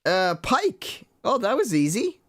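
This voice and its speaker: A man's voice: high voice, huge pitch swings, takes it slowly, a bit bright, a little hiss or hum. A young man chatting casually and joking as he plays a farming game with a guest, laughing often and thinking aloud. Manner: joking, chuckly, thinks aloud while playing. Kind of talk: casual gameplay chat.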